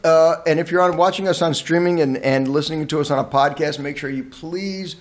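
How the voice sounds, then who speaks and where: A man hosting a podcast, animated and joking, often cutting in. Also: fairly high pitch. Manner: animated, joking, quick to interrupt. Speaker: podcast host. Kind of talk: casual chat.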